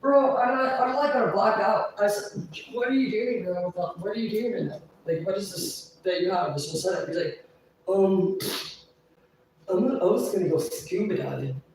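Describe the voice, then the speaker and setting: A woman's voice: mid-range voice, distant mic, a little hiss or hum. A woman livestreaming, venting in a long profane rant, a little tipsy. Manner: profane, agitated, rapid venting. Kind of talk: ranting livestream storytelling. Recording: echoey room, voice off-mic.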